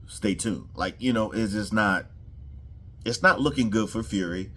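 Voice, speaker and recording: A man giving a casual, animated, profane reaction to a show episode and often repeating himself. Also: fairly low pitch, unhurried. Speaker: show reviewer.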